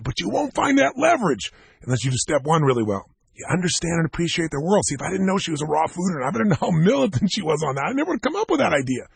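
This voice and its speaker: Gravelly, husky man giving a self-help seminar. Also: high voice, dry recording. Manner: emphatic storytelling, direct address to listeners. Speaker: motivational seminar speaker.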